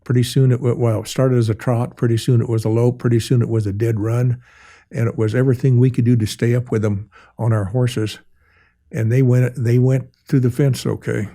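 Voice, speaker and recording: A man's voice: mid-range voice, little pitch movement, a little fast, dark tone. An older American man, a guest artist, telling rambling folksy stories in an interview. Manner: folksy rambling yarn-spinner with many restarts. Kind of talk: storytelling in an interview.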